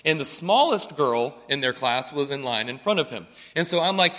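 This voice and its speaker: A pastor delivering a chatty, joking sermon, often checking in with the congregation. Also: male voice, medium pitch, big pitch swings, normal speed, hardly any pauses, bright, forceful tone, big-room sound. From North Carolina.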